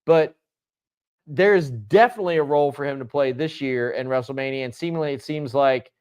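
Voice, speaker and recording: A man's voice: mid-range voice, fairly quick, darkish tone, clear, resonant tone. A man co-hosting a casual wrestling chat show, rambling and restarting his phrases, swearing now and then. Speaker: podcast co-host.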